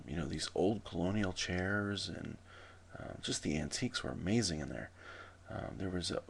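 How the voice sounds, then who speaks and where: Man, deep gravelly voice, deadpan, dry humor, casual joke telling to camera. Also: slight background noise. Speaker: vlogger telling jokes. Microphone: camera mic.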